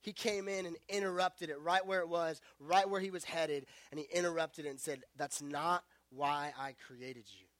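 A young man preaching to a youth group, retelling a story in casual, animated words and joking along the way. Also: on the high side, normal speed, hardly any pauses, no echo. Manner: casual, animated storytelling with self-aware jokes. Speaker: youth pastor.

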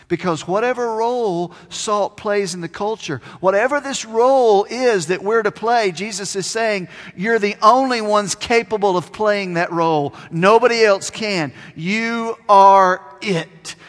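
A man preaching a sermon as pastor, stressing key words by slowing down and pausing. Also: sits high, big-room sound. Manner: emphatic, slows down on key words.

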